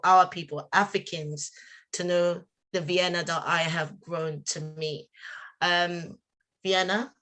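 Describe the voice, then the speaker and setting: A woman with a Nigerian accent hosts a live talk show, her voice sitting fairly low. She heaps warm, generous praise on her guests as she introduces them, in a relaxed spoken flow. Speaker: host. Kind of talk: live online radio talk.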